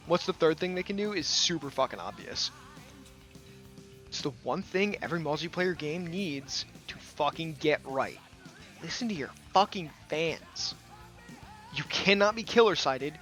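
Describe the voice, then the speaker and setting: A man's voice: on the high side, fairly bright tone. A man ranting angrily in a gaming commentary video, blunt and full of profanity.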